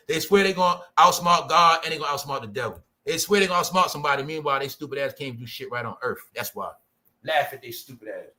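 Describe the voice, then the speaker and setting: A man's voice: fairly high pitch, sharp tone. A man hosting his own channel, delivering profane, combative commentary to a live chat and peppering it with rhetorical questions. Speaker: channel host.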